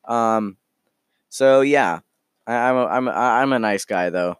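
A man voicing a gentle, lonely young man who talks haltingly and rambles. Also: medium pitch, smooth, dry recording, clean studio sound, natural voice. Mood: earnest.

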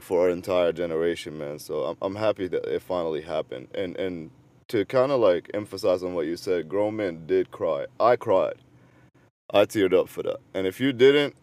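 A man's voice: sits low, a little mellow, no room sound. A man from the United States, a guest on a casual football podcast, talking in a laid-back, friendly way and often restarting his words. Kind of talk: casual sports podcast chat.

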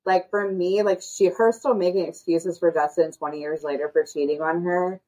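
A woman's voice: lowish voice, fairly even intonation, normal speed, mellow, rough recording. A woman co-hosting a podcast, talking bluntly, swearing freely and rambling in casual chat. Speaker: podcast co-host.

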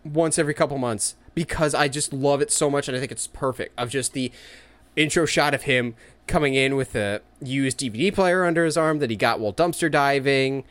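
A man in casual chat as a podcast co-host, enthusiastic and quick to act out excited quotes. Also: medium pitch, no room sound.

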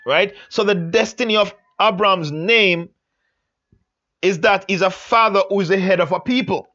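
A man teaching a Bible study lesson on a Hebrew letter, speaking slowly and emphatically and repeating phrases for stress. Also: sits high, pushed and bright, highs cut off.

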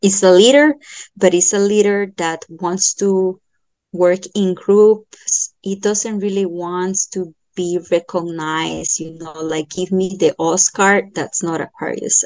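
Slow-talking woman with dry close sound. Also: on the low side, darkish tone, no room sound. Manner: slow, thoughtful, many fillers and restarts. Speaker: astrologer giving a chart reading. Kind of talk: podcast interview, explaining.

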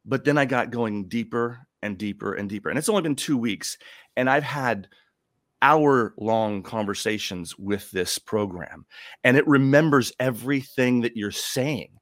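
A man guest who does stand-up comedy, chatting casually in a rambling, animated way. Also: mid-range voice, a little slow, no echo, studio quality. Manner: rambling, animated storyteller, laughs often. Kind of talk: casual chat.

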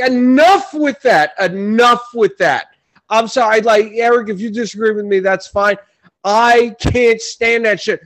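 A man's voice: high voice, no room sound. A man co-hosting a sports and pop-culture podcast, ranting emphatically and repeating his complaints in casual chat. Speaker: podcast co-host.

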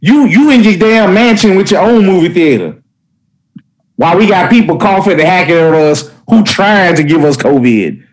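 High animated voice, blunt guy ranting about movies. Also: moderate pace, low-quality recording. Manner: blunt, emphatic, slangy. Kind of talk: casual movie review chat.

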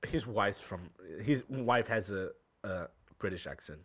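A man's voice: fairly low pitch, measured pace, slight background noise. South african guy chatting casually, voice jumps all over, laughs a lot. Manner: laughing, animated, slips into mock voices. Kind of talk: casual chat.

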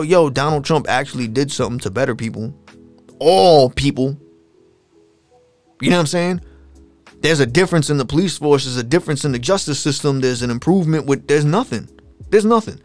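A man hosting a solo podcast, ranting in a casual, profane, animated way and mocking people with put-on voices. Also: medium pitch. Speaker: podcast host.

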